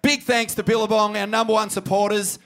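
An Australian man co-hosting a crude comedy surf podcast. His voice sits high, and he swears while trailing off into hesitant fillers. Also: little pitch movement, a little fast, a bit bright, faint music behind. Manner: hyped, swearing, with hesitant fillers when reminiscing. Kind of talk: crude comedic surfer banter.

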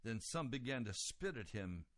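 A man preaching a sermon, retelling a scripture story and moving from quiet reading to loud, raised emphasis. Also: mid-range voice, big pitch swings, normal speed, no echo.

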